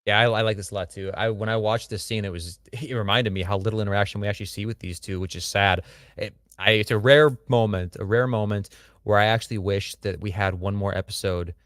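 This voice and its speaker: A man with a somewhat low voice talks fast through a casual show review, blunt and crude with joking asides. His sound is close and dry, with no room around it. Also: fairly even intonation, a bit bright, no room sound. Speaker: podcast co-host.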